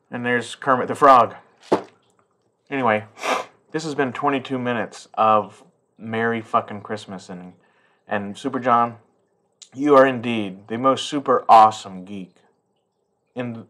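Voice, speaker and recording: A man's voice: medium pitch, measured pace, pauses often, pushed and bright. A middle-aged man chatting casually and profanely as he unboxes a toy collector's gift, rambling and heartfelt.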